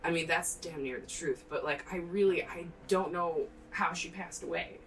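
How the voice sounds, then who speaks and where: Woman voicing a hesitant, quiet cousin. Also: fairly low pitch, normal speed, slight background noise. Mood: subdued. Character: the player character's cousin, a subdued tavern regular. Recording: distant mic with background music.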